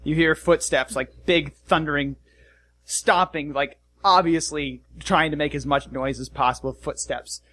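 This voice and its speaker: Bright-voiced man running a tabletop game. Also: fairly high pitch, fairly even intonation, unhurried. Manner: casual, loose narration with restarts. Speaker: game master.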